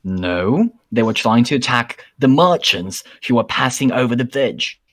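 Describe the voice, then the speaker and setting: A man's voice: medium pitch, expressive, a little slow, fairly bright tone. Man playing a pompous deluded adventurer. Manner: grandiose, lordly.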